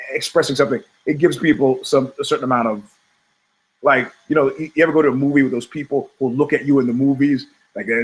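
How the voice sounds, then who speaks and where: A middle-aged podcast host delivers a sardonic, comedic monologue of rambling, profane stories, acting out quoted voices along the way. His voice is medium-pitched, and the audio quality is poor.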